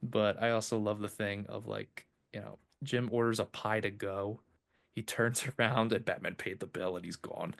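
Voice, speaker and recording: A man's voice: on the low side, fairly even intonation, normal speed, gravelly, a bit bright. A man hosting a podcast in casual chat, rambling and filling with "like" and "uh". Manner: rambling, filler-heavy. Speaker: podcast host.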